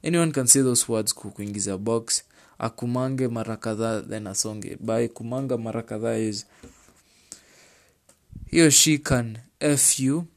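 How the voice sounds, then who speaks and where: A man's voice: fairly low pitch, vocal fry. A man with a Kenyan accent, chatting casually as he reads out and comments on relationship advice. He repeats his points for emphasis and slips into Swahili slang. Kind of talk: casual chat reading out viewer advice.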